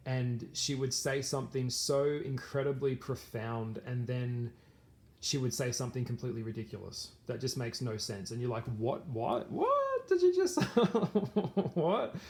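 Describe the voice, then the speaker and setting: A man's voice: medium pitch, a little mellow. A man vlogging to camera in casual talk, rambling with many fillers and restarts.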